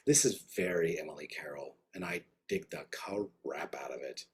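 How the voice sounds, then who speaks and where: A man's voice: very deep voice, normal speed, hardly any pauses, breathy edge. A man teaching an online art class, giving enthusiastic, rambling, slangy feedback over a video call. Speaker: art instructor.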